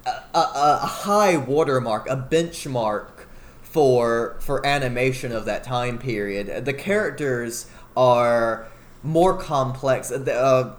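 A man's voice: mid-range voice, takes it slowly. Chatty male podcast co-host. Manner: enthusiastic, rambling with fillers. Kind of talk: casual podcast discussion.

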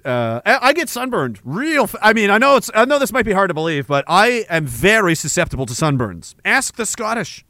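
A man's voice: high-pitched, sing-song, a little fast, hardly any pauses, bright, forceful tone, no room sound. A man streaming and reading chat aloud, joking, profane and mock-indignant. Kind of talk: casual chat.

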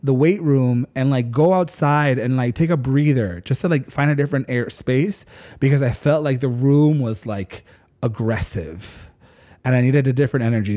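Man, podcast co-host, mid-pitched, chatty storyteller who swears freely and fills with "like". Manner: animated, leans on "like", swears casually. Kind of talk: casual storytelling chat.

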